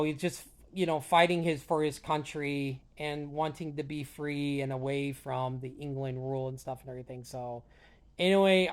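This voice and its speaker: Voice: medium pitch, clear, resonant tone. A vlogger chatting casually on their own, rambling and hesitant with many restarts, earnest and openly emotional about films. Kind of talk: casual solo chat to camera.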